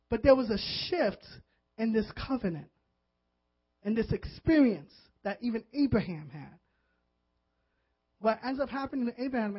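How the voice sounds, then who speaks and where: A man, a pastor, preaching a sermon with earnest, animated delivery that builds into fervent emotion. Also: high-pitched, husky. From Puerto Rican background. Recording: dull lo-fi audio.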